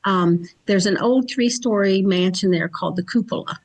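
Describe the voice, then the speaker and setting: A woman's voice: mid-range voice, moderate pace. A woman from Kentucky, a psychic and event organizer, chatting easily as a podcast guest and humming along in agreement. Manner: easygoing, chatty, lots of soft agreeing hums. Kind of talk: casual chat.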